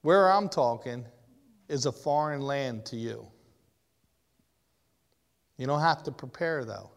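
A man's voice: medium pitch, slow, vocal fry. A man preaching a sermon, addressing his congregation directly and rising to impassioned cries. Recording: long reverb of a large hall.

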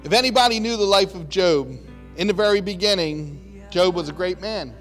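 A man's voice: sits high, normal speed, a bit bright, faint music behind. A man preaching a sermon in a conversational, emphatic storytelling way, likely in a church.

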